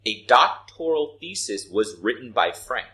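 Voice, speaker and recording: Man teaching a lively writing lesson. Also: mid-range voice, measured pace, rough recording. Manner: explains with examples, asks frequent "right?" and "okay?". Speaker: English teacher.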